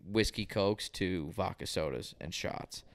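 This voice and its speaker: Young male guest, low voice with gravelly fry, smooth tone, laid-back. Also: measured pace. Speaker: podcast guest. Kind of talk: casual podcast chat.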